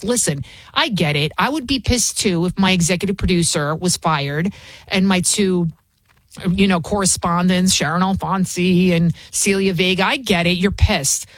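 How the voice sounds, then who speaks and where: A woman's voice: fairly low pitch, moderate pace, dry recording. A woman filling in as a talk radio host, ranting in a combative, mocking way with frequent restarts. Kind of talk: opinionated talk radio rant.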